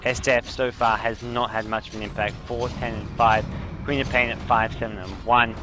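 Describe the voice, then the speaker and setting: A young man casting a video game match on his own, with a slight French accent, explaining strategy calmly and getting excited on big plays. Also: medium pitch, normal speed, over music. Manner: analytical, rising to excited bursts on big plays. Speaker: esports caster. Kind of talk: solo game commentary.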